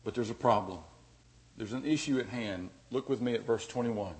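A man preaching a sermon as pastor, dynamic, dropping to a hush and then rising loud and emphatic. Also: mid-range voice, normal speed.

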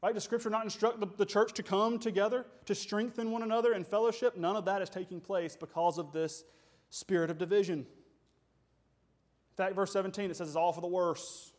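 A man's voice: sits high, fairly even intonation, normal speed. A man preaching a sermon as pastor, emphatic and full of rhetorical questions.

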